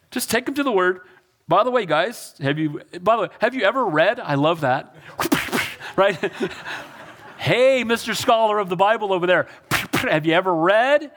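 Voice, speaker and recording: A man's voice: high-pitched, fairly bright tone. A male pastor preaching a sermon, emphatic, with repeated calls to his congregation.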